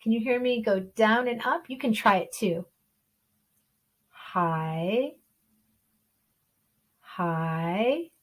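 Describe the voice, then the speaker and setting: A woman's voice: fairly high pitch, moderate pace, hardly any pauses, fairly bright tone, breathy edge, rough recording. Patient woman teaching Chinese tones. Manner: patient, explanatory, models tones aloud. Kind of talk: online language lesson.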